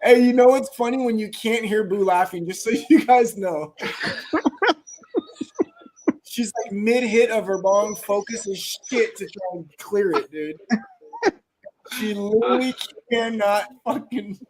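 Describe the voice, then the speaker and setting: Thirties male host, relaxed and profane, slightly high voice, faint background noise. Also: measured pace, pauses often. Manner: laid-back, swears a lot, says "bro" and "dude". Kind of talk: casual live stream chat.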